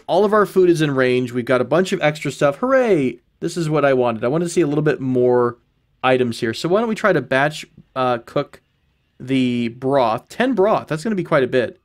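A man casually commenting on his own gameplay, thinking out loud, correcting himself and chuckling now and then. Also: mid-range voice, lively intonation, normal speed. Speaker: gaming channel host. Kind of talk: casual let's-play commentary.

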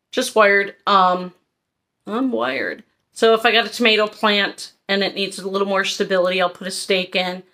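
Chatty woman with a bright voice. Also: mid-range voice. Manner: chatty, rambling, frank. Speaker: haul vlogger. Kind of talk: casual haul review.

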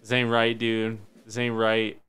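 A man streaming a game live, cursing and talking to himself, swinging between loud high yelps and low muttering. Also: monotone, measured pace, clean tone. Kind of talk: live gameplay commentary.

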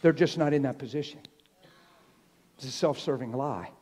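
A man preaching a sermon to a congregation, telling stories in an animated way that drops to a hush and rises to shouts. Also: mid-range voice, moderate pace, breathy edge. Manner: animated, swings from hushed to shouting. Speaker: traveling preacher. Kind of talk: sermon with storytelling. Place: church sanctuary. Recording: live church hall reverb.

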